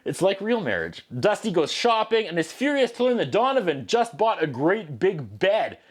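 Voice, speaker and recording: Casting note: 30s male comedy reviewer, high voice, lively and sarcastic, throws himself into the characters' lines. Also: moderate pace. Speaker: host of a movie review show. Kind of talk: comedic one-take movie review.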